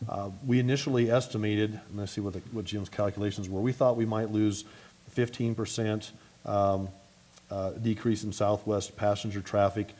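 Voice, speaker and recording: Man giving a fast mayoral speech. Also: lowish voice. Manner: energetic, fast, with frequent restarts. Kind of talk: luncheon speech and Q&A.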